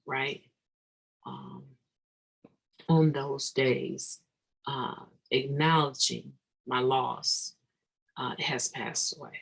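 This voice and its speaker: A recovery speaker shares a daily meditation in a slow, gravelly, husky voice. The talk is earnest and halting, with frequent restarts and sudden emphatic pushes on key points. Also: mid-range voice, fairly bright tone, low-quality recording.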